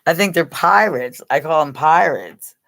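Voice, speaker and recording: A man, hosting a casual live chat stream and thinking aloud in halting, rambling phrases. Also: a little high, lively intonation, gravelly, pushed and bright, no room sound.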